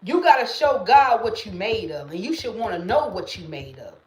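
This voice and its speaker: A livestreamer from Mississippi in the US, a woman in her late 30s, delivers an emphatic, profane, casual monologue, repeating her catchphrases. Her medium-pitched voice has a darkish tone and is very animated at a normal speed, with a reverberant sound.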